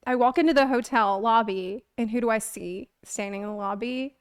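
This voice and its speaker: A woman streamer telling a story casually on a stream into a close mic, animated, laughing often and acting out the quotes. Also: fairly high pitch, normal speed, clear, resonant tone, dry recording.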